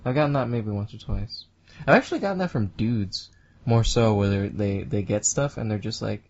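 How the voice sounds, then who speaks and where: A woman co-hosting a podcast, chatting casually and rambling, now and then mocking people in squeaky put-on voices. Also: fairly quick, darkish tone. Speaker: podcast co-host. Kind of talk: casual stoner chat. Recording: dull lo-fi sound.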